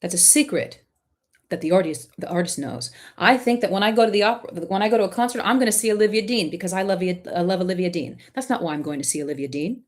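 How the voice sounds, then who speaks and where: This art coach and live-stream host talks fast in a mid-range voice. She coaches artists live with passion, emphasis and directness, staying warmly encouraging to the questioner.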